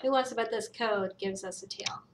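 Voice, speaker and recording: Unboxing toys for a family toy review channel she co-hosts, a woman rambles and thinks aloud in casual chat. Her voice sits on the high side at normal speed, and there's background noise.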